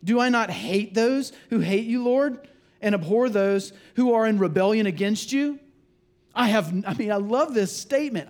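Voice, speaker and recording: A man with a fairly high voice delivers a sermon from the pulpit. He preaches in an animated way, breaking into acted-out quotes and conversational asides. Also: normal speed. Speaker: pastor.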